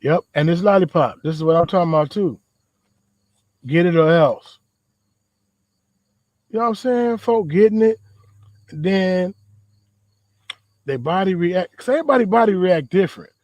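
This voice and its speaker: A man with a somewhat high voice talks through a faith message like a loose conversation. He leans on slang and repeats phrases for emphasis. The sound is dry and close, with little room echo. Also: expressive, brisk, a little mellow. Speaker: podcast host. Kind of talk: casual faith talk. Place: outdoors in a backyard.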